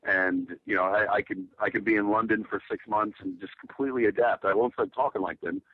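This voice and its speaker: Laid-back low-voiced man, muffled audio. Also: steady tone, fairly quick, slightly rough. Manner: laid-back, rambling storytelling. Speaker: guest. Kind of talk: casual interview chat.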